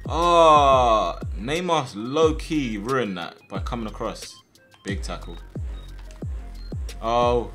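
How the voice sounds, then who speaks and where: A young man giving casual, slangy commentary over his own football video game matches, with sudden loud outbursts at big plays. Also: mid-range voice, animated, unhurried, faint music behind. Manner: casual slangy chat to viewers. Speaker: gaming video host. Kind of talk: live gameplay commentary.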